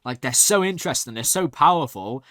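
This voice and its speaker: A young man hosting a reaction channel, excitedly rambling through a recap with lots of "like". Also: medium pitch, brisk, no echo, clean studio sound. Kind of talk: casual recap and review.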